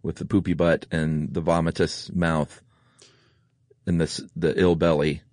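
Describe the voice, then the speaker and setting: Deep-voiced man in casual podcast chat. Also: flat delivery, a little slow, a little mellow, no echo, studio quality. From Atlanta area, US. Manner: jokey, tells rambling personal stories. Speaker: podcast co-host.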